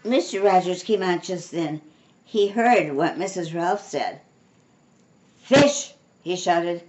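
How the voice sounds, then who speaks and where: An older woman reading a children's storybook aloud in a slow, expressive way, giving voices to the dialogue. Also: fairly low pitch. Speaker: storybook reader.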